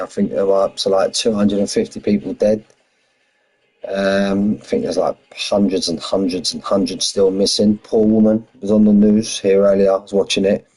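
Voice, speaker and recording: Husky London man chatting on a stream. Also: sits low, a little mellow, low-quality recording. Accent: London English. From London, England. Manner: chatty, says "mate" constantly, reads out lap times and answers chat. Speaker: racing game league streamer. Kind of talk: casual live-stream chat. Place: home in Spain.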